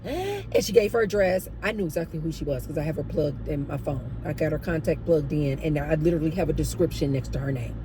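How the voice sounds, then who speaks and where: A woman vlogger telling a story to her viewers in an animated, chatty way, addressing them as "you guys". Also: low-pitched, fast talker, hardly any pauses, background noise. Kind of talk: storytime monologue.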